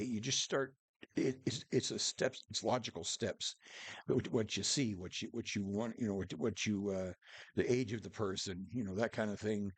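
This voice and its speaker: A man's voice: lowish voice, husky, no echo. A man telling a true story in a casual, rambling way, restarting sentences and acting out what people said. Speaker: storyteller vlogger.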